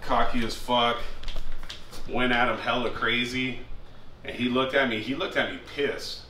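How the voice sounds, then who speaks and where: Guy, bright, forceful voice, cursing storyteller, echoey room, mic set back. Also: medium pitch, unhurried. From San Jose, California. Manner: profane, animated, acts out what others said. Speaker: dancer guest. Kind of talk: casual storytelling. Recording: echoey room, distant mic, faint noise.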